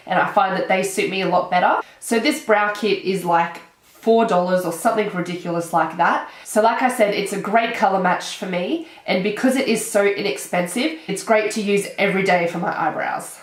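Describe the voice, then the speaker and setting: A bubbly young Australian woman chats away with the stuffed, nasal sound of a head cold. Her voice sits at an ordinary middle pitch. The sound bounces around a roomy, echoey space. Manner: bubbly, excitable, chatty. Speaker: beauty vlogger. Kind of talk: casual chat. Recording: echoey room.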